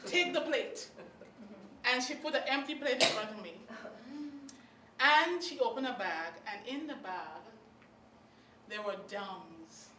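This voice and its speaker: A woman with a Guyanese accent telling a childhood story live to an audience, lively and acting out the scenes. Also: mid-range voice, slight background noise. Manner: animated, acts out scenes, laughs. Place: hall at a story circle. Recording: roomy hall, mic far off.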